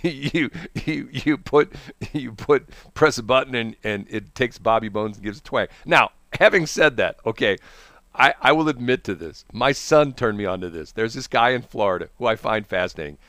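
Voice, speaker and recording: Animated man telling radio stories. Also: mid-range voice, moderate pace, no echo. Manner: animated storyteller, mimics voices. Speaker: radio host. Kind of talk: casual radio chat.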